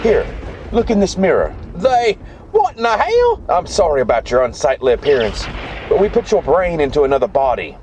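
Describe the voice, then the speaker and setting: A man's voice: a little high, wildly swooping pitch, normal speed, a little mellow, a little hiss or hum. A man voicing a pompous, grandiose mad scientist doctor with theatrical, formal speech in a radio comedy skit.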